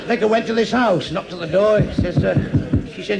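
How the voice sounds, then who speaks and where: A man telling crude stand-up jokes live, blunt and deadpan in his punchlines. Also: high voice, a little fast, vocal fry, over a noisy crowd. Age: 60s. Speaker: stand-up comedian. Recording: noisy live club recording. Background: audience laughter.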